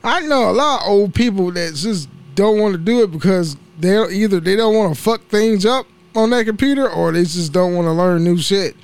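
A young man with a notably high voice talks through his solo podcast in loose, casual chat. He rambles from topic to topic, swears freely and laughs at his own slips of the tongue. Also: normal speed, hardly any pauses, clear, resonant tone, no room sound. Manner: rambling, profane, laughs at himself. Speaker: podcast host.

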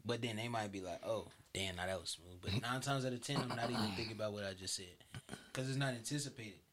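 A young man in casual chat, relaxed, often trailing off mid-thought. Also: medium pitch, fast, a loud crowd. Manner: relaxed, keeps saying "you feel me", trails off.

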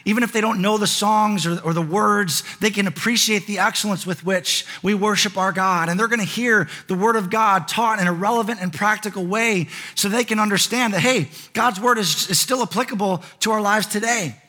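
A man's voice: high-pitched, brisk, hardly any pauses, sharp tone. A man preaching a sermon as pastor, conversational in tone and building to emphatic repeated lines.

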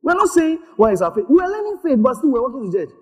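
Animated pastor preaching. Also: male voice, very high voice, racing. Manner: animated preaching, calls for responses, laughs often. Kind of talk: sermon.

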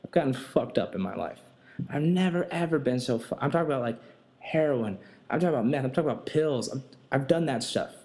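A young man hosting a podcast, telling a casual, profane and animated story about his life and work. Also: medium pitch, fairly quick. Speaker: podcast host.

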